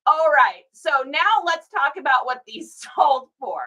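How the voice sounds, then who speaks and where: Bright, high-voiced woman, laughing easily. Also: lively intonation, measured pace, rough recording. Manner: encouraging, breaks into fits of laughter. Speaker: online clothing reseller. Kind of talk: casual chat to viewers.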